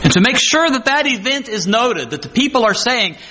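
A man's voice: very high voice, sing-song, fairly quick, hardly any pauses, sharp tone. A man preaching a sermon, stressing his points by repeating phrases and acting out the scripture he quotes. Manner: acts out scripture quotes dramatically.

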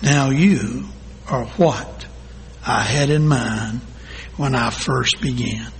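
A man playing a gentle, low-voiced master potter. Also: takes it slowly, slight background noise. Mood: gentle, calm. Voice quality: low, soft and quiet. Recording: long hall reverb.

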